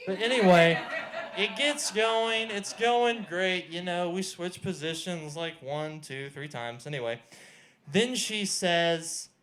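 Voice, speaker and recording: Deadpan stand-up comic, a man. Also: high-pitched, takes it slowly. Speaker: stand-up comedian. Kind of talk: stand-up set. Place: small comedy venue.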